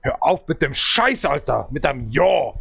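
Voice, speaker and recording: A man's voice: fairly high pitch, big pitch swings, moderate pace, creaky, a bit bright, husky, no echo, faint music behind. A man from Bavaria with a German accent, ranting profanely and hurling insults at another player during a gaming livestream. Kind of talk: angry livestream rant.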